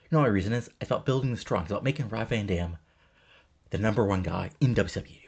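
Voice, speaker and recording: A man doing a gravelly, pushy wrestling manager. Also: on the low side, fast talker, darkish tone. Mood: scornful. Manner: pushy, scornful, demanding. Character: scheming fast-talking male wrestling manager.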